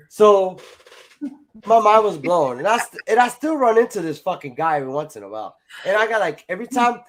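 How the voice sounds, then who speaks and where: A man telling a personal story in casual chat, rambling, swearing and acting out other people's lines. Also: a little high. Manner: rambling, full of "like" and "you know", swears freely.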